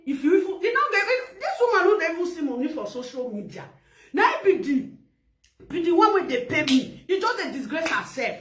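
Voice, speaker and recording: Fields: Sex: woman. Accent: Nigerian Edo. Pitch: high, bright. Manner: loud, laughing rant. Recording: echoey room. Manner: loud, laughing, mixes Pidgin and local language. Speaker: social media vlogger. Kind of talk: animated casual rant.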